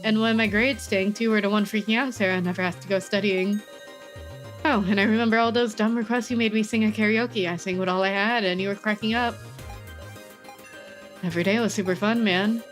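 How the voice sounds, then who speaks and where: A woman's voice: medium pitch, close to an everyday voice. A woman voicing a young male best friend in a game, casual and teasing.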